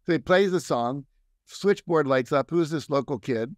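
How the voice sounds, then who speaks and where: A man's voice: a little high, normal speed, no room sound, studio quality. An older man, a guest success coach, telling stories in a conversation and acting out the voices of people he quotes. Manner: animated storyteller, acts out quoted voices. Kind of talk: storytelling in a conversation.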